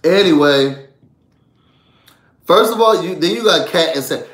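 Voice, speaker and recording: A man casually recapping a reality show for his viewers, animated and chatty, often calling out to them. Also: fairly high pitch, unhurried, echoey room. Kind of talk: casual live recap chat.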